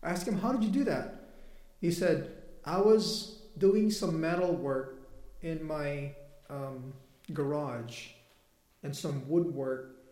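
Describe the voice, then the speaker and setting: A man with a fairly high, mellow voice preaches slowly, pausing often. His sermon is conversational, built around a personal story and quotations from people, with laughter between points, and it's recorded in an echoey room.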